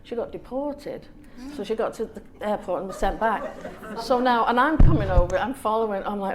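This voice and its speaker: A woman from England, a guest author at a small event, telling a lively story with laughs and acted-out quotes. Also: mid-range voice, normal speed, background noise. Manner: lively anecdotal, laughs often, acts out quotes. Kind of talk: storytelling on a panel.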